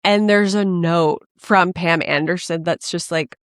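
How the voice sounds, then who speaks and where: A woman with a fairly low voice co-hosts a podcast in a casual chat. She tells stories with energy and acts out the people in them. The sound is dry and close, with no room in it. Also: a little slow, smooth, no room sound. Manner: animated storytelling, acts out quoted people. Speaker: podcast co-host.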